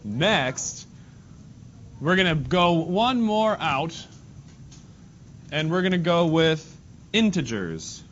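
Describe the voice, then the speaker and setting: A man's voice: a little high, sing-song, takes it slowly, pauses often, fairly bright tone. A male math teacher leading a classroom lesson, casual and joking, calling on students by name. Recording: dull lo-fi classroom recording with faint noise.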